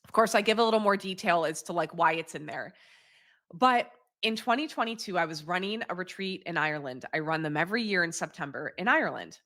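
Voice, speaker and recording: A woman in her thirties, hosting a show and telling a candid personal story in a lively, casual way, laughing often and swearing freely. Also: on the low side, fairly quick. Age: 30s. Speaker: podcast host.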